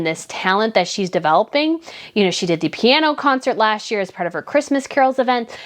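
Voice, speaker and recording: A woman giving casual, opinionated commentary on royal news, full of "I feel like" fillers. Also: on the high side. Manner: opinionated, acts out mocking quotes in a whiny voice.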